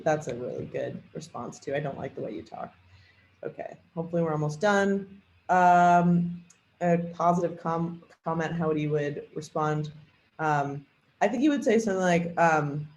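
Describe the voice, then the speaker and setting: A man leading a software training demo, thinking aloud with a lot of fillers and hesitation. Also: a little high, measured pace, slight background noise. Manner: rambling, hesitant, many fillers. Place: at a computer. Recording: echoey room with faint typing.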